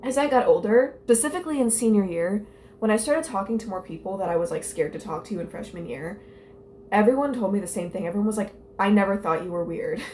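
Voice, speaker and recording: A woman's voice: mid-range voice, lively intonation, quick pace, dark tone, a little hiss or hum. A young woman telling stories and reading her old journal aloud in a casual vlog. She is candid and self-mocking, and her talk rambles with lots of "like" fillers. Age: young adult. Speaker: vlogger.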